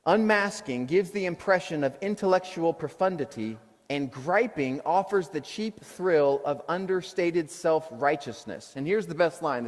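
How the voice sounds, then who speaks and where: A middle-aged man preaching a sermon as pastor, telling self-deprecating stories in an animated way. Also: a little high. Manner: storytelling with self-deprecating humor, animated retelling. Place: church auditorium. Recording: long hall reverb.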